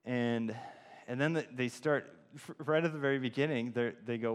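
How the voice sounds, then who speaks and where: A man's voice: medium pitch, fairly even intonation, normal speed, clean tone. A man giving an informal sermon, telling a personal story with many fillers and restarts. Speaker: church speaker. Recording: long hall reverb.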